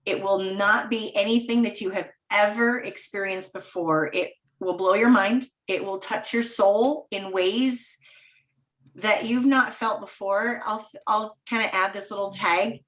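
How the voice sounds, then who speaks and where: A woman's voice: medium pitch, fairly even intonation, unhurried, fairly bright tone, poor audio. A woman guest in a casual interview, talking with enthusiasm and laughing often. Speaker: guest, chalet owner.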